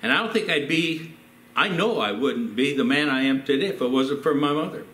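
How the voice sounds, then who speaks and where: A man's voice: mid-range voice, fairly quick, bright, forceful tone, echoey room. An older man, a pastor, telling personal stories in a sermon and acting out the quotes. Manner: storytelling with acted quotes. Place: church.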